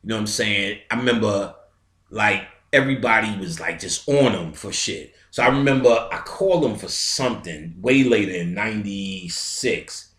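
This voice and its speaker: A man's voice: on the low side, moderate pace, fairly bright tone. A middle-aged man telling a story in a casual lecture, streetwise and profane, imitating sounds as he goes. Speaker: metaphysical lecturer. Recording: roomy echo.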